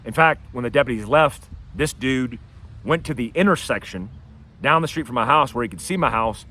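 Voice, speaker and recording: A man telling a personal story to camera outdoors, casual and animated, acting out what people said. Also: medium pitch, normal speed. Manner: animated, acts out quotes in a raised voice. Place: outdoors by his house and driveway.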